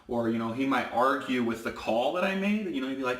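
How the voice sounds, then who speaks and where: A man's voice: mid-range voice, a little fast, a bit bright, far from the mic. A man who works as a football referee, talking casually while shaving and getting worked up as he rants emphatically. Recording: echoey room, mic set back.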